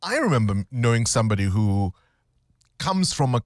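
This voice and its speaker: A man's voice: medium pitch, big pitch swings, moderate pace, no echo, clean studio sound. A man hosting a casual radio chat, laughing often as he talks. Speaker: radio host.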